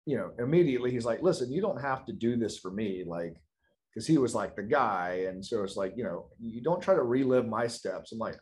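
A man telling a personal story in a relaxed, animated way, laughing often and acting out what people said. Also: medium pitch, brisk. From South Carolina, US. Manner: animated, laughs often, acts out quoted lines. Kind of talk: casual storytelling.

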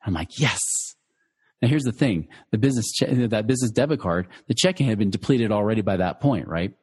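A middle-aged man speaks in a breathy, husky voice that sits a little low. He talks loosely and conversationally, with plenty of fillers and restarts, while sharing a personal story with listeners. A long reverb tail hangs on his words. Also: animated, a little fast, a little mellow. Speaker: financial educator.

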